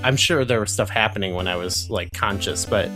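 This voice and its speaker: A man's voice: on the low side, a little fast, over music. A man co-hosting a podcast in casual chat, rambling with lots of fillers. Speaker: podcast co-host.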